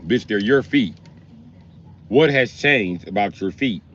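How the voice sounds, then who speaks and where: Speaking slowly in a fairly low, fairly bright voice with lively intonation, this middle-aged man rants crudely and bluntly on his livestream. The profane tirade is heated but comic, captured through a slightly dull lo-fi stream mic.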